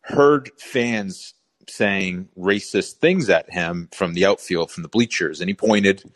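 A male caller from Boston with a low, deep voice. He builds his case steadily, point by point, in a calm and assertive way. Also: slow pace. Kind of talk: call-in opinion.

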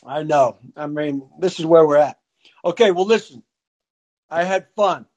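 A man's voice: on the high side, a little slow, a little mellow. A man hosting a casual call-in podcast, telling a long joke in a playful, rambling way. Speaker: podcast host. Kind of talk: casual chat and storytelling.

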